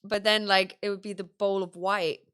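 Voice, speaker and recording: An Irish woman, a podcast co-host, telling a story in casual chat, animated and full of fillers. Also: mid-range voice, moderate pace, clean tone. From Ireland. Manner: animated, mimics tourists' voices, lots of fillers.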